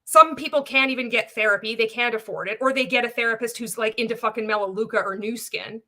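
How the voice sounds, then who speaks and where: Fired-up woman ranting, bright voice. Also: a little high, fast. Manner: angry, sweary, sarcastic, mock-quoting others. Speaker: anti-MLM content creator. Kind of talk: impassioned rant to camera.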